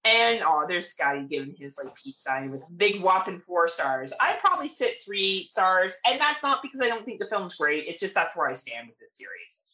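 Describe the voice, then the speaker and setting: A woman's voice: lowish voice, very animated, moderate pace, hardly any pauses, sharp tone, low-quality recording. A young woman from Canada co-hosting a horror podcast, chatting casually, playful and crude, often laughing. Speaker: podcast co-host. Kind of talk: casual chat.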